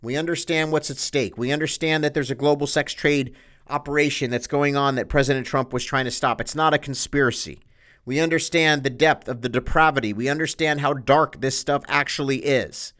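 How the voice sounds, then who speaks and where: A man hosting his own news show as a pastor, delivering an impassioned, sarcastic monologue that swings between loud outbursts and hushed asides. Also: medium pitch, fairly even intonation, a little fast. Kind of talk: political news commentary monologue.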